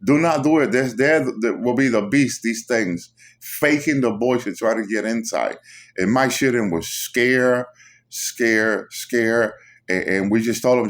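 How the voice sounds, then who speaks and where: Halting, urgent man telling a story. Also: mid-range voice. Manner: halting, repeats words, urgent. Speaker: storyteller recounting a vision. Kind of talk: spoken personal testimony.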